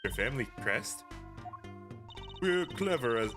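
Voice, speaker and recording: A man voicing an intimidating older woman who heads a crime family, speaking in a low, husky, menacing tone with a put-on Russian accent. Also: very animated, a little slow, music in the background.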